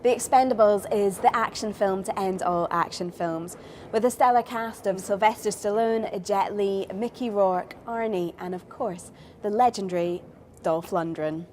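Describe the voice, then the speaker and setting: A woman presents and interviews in a bright, playful way, her pitch in the middle of the female range. She teases her guest and laughs easily between questions. A faint noise lies behind her voice. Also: moderate pace. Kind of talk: light entertainment interview. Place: indoors at a public venue.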